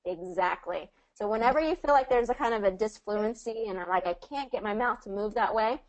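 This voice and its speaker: A woman coaching English pronunciation in a one-on-one video call lesson, patient and encouraging, modelling phrases slowly. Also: medium pitch, rough recording.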